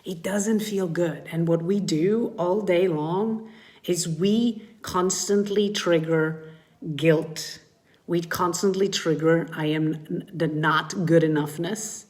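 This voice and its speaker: A middle-aged woman coaching mothers in a live-streamed talk, speaking to viewers with animated swoops in her voice when she acts out feelings. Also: low-pitched, takes it slowly.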